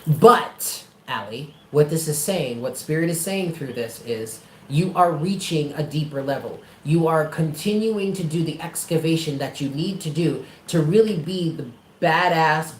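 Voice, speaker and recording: Here a tarot reader, a man with a fairly high pitch, talks at a moderate pace with few pauses during a live reading. He hammers his points bluntly, swears a lot, and warmly addresses the sitter with pet names. Faint hiss and a roomy echo color the recording.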